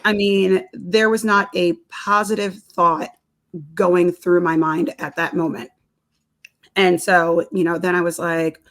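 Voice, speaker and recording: Lively woman telling a story, lowish voice. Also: takes it slowly. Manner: lively storyteller, laughs often, repeats words while talking. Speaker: nutrition counselor and personal trainer, podcast guest. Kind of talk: casual storytelling interview.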